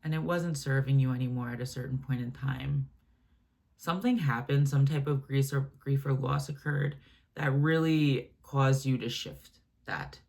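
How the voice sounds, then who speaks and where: A woman giving a channeled spiritual reading, speaking gently and affectionately in a meandering way with many fillers and restarts. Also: very deep voice, normal speed, gravelly. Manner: gentle, affectionate, addresses listener as my love and baby; meandering, filler-heavy, self-correcting. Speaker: channeled message reader.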